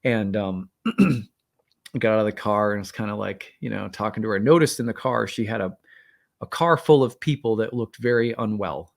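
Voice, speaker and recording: A man with a lowish, gravelly voice talks at a moderate pace. He hosts an astrology channel and tells a personal story in a casual monologue that is candid and rambling, full of fillers and self-deprecating asides.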